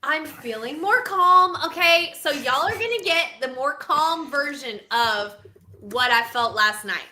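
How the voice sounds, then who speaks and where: A woman co-hosting a casual baseball podcast, high and bright in tone. She talks in a dramatic, self-mocking, animated way. The room around her sounds echoey. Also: a little slow, a little hiss or hum. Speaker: podcast co-host. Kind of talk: casual sports podcast chat.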